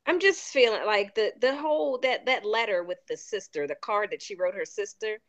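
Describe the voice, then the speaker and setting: A woman with a Baltimore accent, chatting animatedly and incredulously as a podcast co-host. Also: medium pitch. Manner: animated, incredulous, quick asides. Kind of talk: casual chat. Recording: slightly muffled lo-fi audio.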